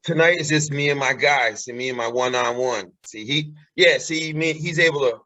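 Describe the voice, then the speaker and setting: A man's voice: medium pitch, normal speed, sharp tone, dry recording, rough recording. A man talking as a guest in a casual interview, earnest and encouraging, repeating his key phrases.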